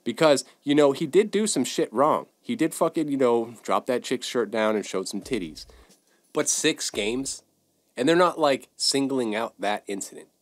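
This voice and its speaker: Male sports-podcast host, heated and profane, mid-range pitch, dry close mic. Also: no echo. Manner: heated, profane, repetitive ranting. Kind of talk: casual sports rant.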